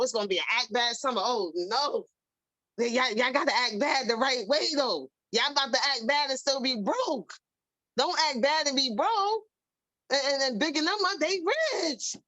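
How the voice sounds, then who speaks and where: A woman, hosting an emphatic, animated motivational talk. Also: fairly high pitch, dry recording, rough recording. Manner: animated, emphatic, repeats herself. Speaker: podcast host.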